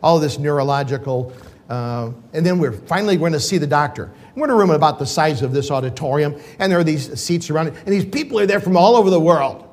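A man's voice: fairly high pitch, fast talker, a little mellow. An older man, a pastor, telling an emotional personal story in a sermon, rambling with restarts.

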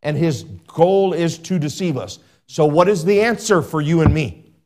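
A man's voice: lively intonation, moderate pace, a little mellow. Emphatic male pastor preaching. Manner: emphatic preaching with sweeping pitch rises and repeated phrases. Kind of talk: sermon.

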